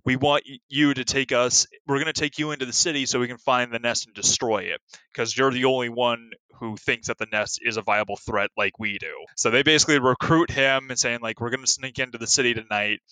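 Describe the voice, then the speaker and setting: A man's voice: medium pitch, fairly even intonation, a little fast, sharp tone, clear, resonant tone, dry recording. A man chatting casually about a monster movie, rambling with lots of filler words and a sarcastic edge.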